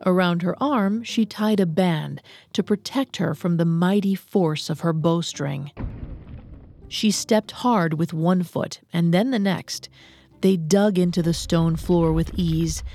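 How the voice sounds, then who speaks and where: A woman narrating a myth in a measured, even storytelling manner. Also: on the low side.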